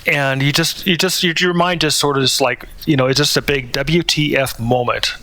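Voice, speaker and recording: Man, gravelly voice, bright tone, hesitant commentary full of fillers, dry close sound. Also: mid-range voice, fairly even intonation, normal speed, no room sound. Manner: hesitant, many fillers and restarts. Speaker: channel host. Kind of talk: spoken commentary.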